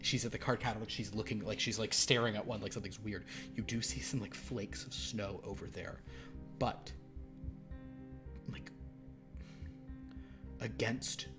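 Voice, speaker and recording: A man with a fairly low voice runs a horror tabletop game, narrating in halting bursts full of fillers and hushed asides. Background music plays steadily underneath. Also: steady tone. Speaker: game master.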